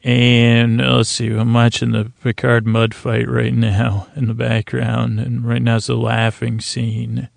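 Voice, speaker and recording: A man hosting a sleep podcast, recapping a TV episode in a soft, meandering way with many fillers and restarts. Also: mid-range voice, monotone, unhurried, vocal fry, few pauses, no echo.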